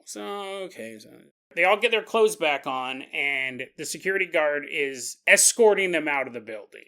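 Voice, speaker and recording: Guy with a bright high voice telling a spooky story on his podcast, chatty and animated, laughs along as he goes. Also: normal speed. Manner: animated, chuckling, conversational asides. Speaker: podcast host. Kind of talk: casual storytelling narration.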